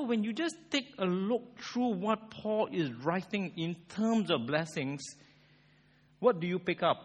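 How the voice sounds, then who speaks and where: A man preaching a sermon, conversational and animated, asking the congregation rhetorical questions. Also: on the high side. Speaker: pastor. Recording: long hall reverb.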